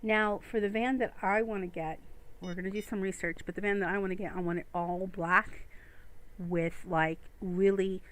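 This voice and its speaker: A woman's voice: mid-range voice, fairly even intonation, moderate pace. A woman streaming a fishing game, chatting casually and rambling to her viewers from home. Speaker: gaming streamer. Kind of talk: casual gameplay commentary. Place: home room.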